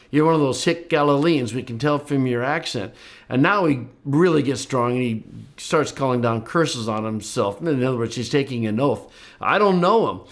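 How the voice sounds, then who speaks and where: Older male Bible teacher, lively lecturing voice that jumps up to voice the quotes. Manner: lively, voices the quoted speakers with rising pitch. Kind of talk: explanatory lecture.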